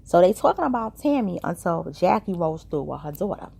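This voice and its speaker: A woman's voice: on the low side, very animated, brisk, gravelly, mellow, slightly rough. A woman casually recapping a reality TV episode, chatty and gossipy, acting out the quoted lines as she retells them.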